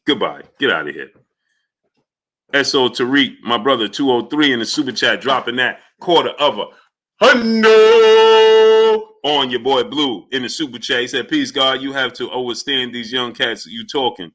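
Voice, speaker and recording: A livestream host with a medium-pitched voice talks at a moderate pace, calling out chatters by name and ranting in an animated, heated manner.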